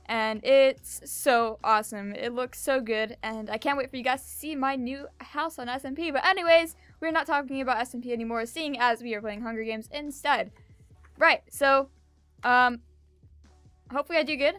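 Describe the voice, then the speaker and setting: A young woman giving fast, chatty, excitable commentary while playing a video game. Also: high-pitched, smooth, no room sound, faint music behind. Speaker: gaming video creator. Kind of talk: casual gameplay commentary.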